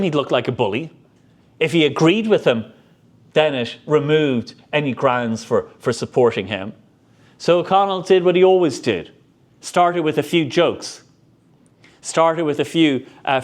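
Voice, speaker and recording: A man giving a public history lecture as a lively storyteller. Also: on the high side. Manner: animated storyteller.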